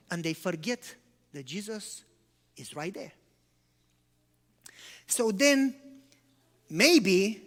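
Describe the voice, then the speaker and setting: A male pastor preaching in a conversational way, with rhetorical questions and non-native English phrasing. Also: high-pitched. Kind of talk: sermon. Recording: long church-hall reverb.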